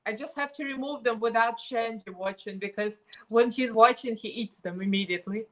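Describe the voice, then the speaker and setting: A woman's voice: a little high, fairly quick, fairly bright tone, low-quality recording. A woman hosting a casual makeup livestream, chatty and laughing often as she talks to her viewers. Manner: chatty, laughs often, coos baby talk to her pet. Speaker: beauty livestream host.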